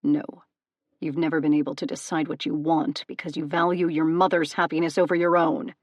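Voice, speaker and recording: A woman voicing a brooding male god of the dead who speaks in a measured, controlled way. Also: low-pitched, little pitch movement, no echo. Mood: heated.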